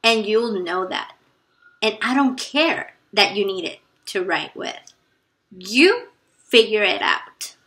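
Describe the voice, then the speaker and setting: Woman doing a mean strict teacher, slow and sharp, cold scolding. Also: medium pitch, very animated, full character voice.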